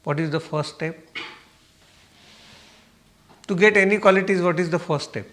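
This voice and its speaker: A man with a somewhat high-pitched voice leads a meditation class in a spiritual talk. He puts questions to the listeners and answers them himself, repeating his points patiently. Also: quick pace, a bit bright. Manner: repeats himself and checks "okay?". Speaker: meditation teacher.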